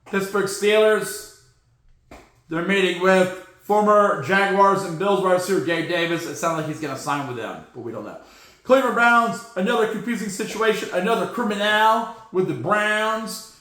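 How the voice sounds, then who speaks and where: Guy with a high voice riffing sarcastically on football news, echoey room. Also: moderate pace, pushed and bright. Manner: sarcastic, joking, mocks teams with silly sound effects. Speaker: podcast host. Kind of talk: casual sports news commentary.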